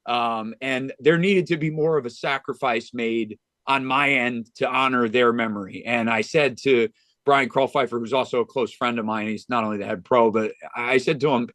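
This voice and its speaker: Male golf pro guest, sincere and chatty, with plenty of restarts, at a mid pitch in a dry, close recording. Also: normal speed, a bit bright, no room sound. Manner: earnest, with frequent restarts and "you know". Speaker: golf club director of instruction, podcast guest. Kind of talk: heartfelt conversational storytelling.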